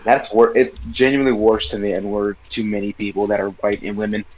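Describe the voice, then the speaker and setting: A man's voice: lowish voice, fairly even intonation, a little fast, a little mellow, rough recording. A man from the United States co-hosting a podcast, brash and joking with plenty of profanity. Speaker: podcast co-host. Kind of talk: casual chat.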